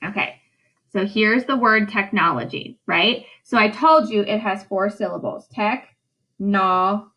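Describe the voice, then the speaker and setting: A woman's voice: mid-range voice, expressive, moderate pace, sharp tone, low-quality recording. A woman teacher giving a recorded English lesson, drawing out syllables and checking in with "right?". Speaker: high school English teacher.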